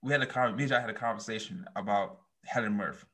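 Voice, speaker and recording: A man's voice: on the low side, quick pace. Male podcast co-host, laid-back delivery, lots of ums and uhs. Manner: relaxed, hesitant with many fillers. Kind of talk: casual chat.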